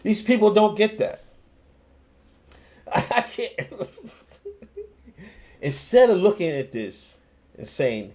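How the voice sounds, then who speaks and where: Young guy ranting on his channel, cussing a lot, kinda high-pitched voice, keeps tripping over his words. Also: slow pace, pauses often. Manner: profane, animated ranting with restarts and laughs. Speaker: commentary channel host. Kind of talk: casual commentary.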